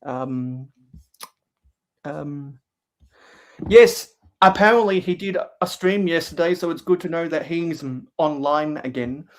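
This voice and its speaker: A man's voice: fairly high pitch, slow pace, pauses often. A man hosting a casual livestream while building LEGO. He talks hesitantly with many fillers and reads viewers' chat aloud. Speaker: livestream host.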